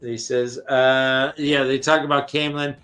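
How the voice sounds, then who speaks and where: A man co-hosting a casual podcast and retelling a story, acting out its characters in quick, profane, jokey asides. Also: medium pitch, flat delivery, a bit bright, faint music behind. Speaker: podcast co-host recapping a book.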